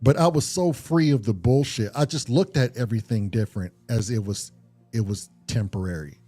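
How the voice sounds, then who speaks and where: A man's voice: medium pitch, moderate pace, warm tone, husky, soft background music. A man on a podcast talking earnestly and reflectively, swearing casually and often restarting his sentences. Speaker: podcast co-host.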